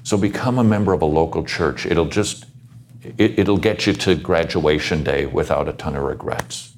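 A man's voice: very deep voice, moderate pace, slight background noise. A man speaking earnestly on a Christian panel, exhorting listeners to live for the Lord.

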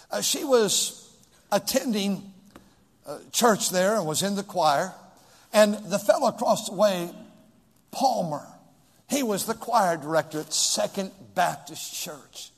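A male pastor preaching a sermon in a church, swinging from shouts to hushed whispers. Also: sits high, animated, a little slow, pauses often, big-room sound.

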